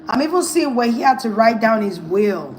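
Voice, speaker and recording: A woman's voice: fairly high pitch, big pitch swings, normal speed, slight background noise, low-quality recording. A woman giving a casual tarot reading, thinking aloud in a hesitant, musing way. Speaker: tarot reader.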